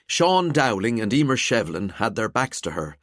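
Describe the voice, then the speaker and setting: A man narrating a mystery thriller audiobook in a quiet, measured way. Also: medium pitch, sing-song, no room sound, studio quality. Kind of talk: scripted narration.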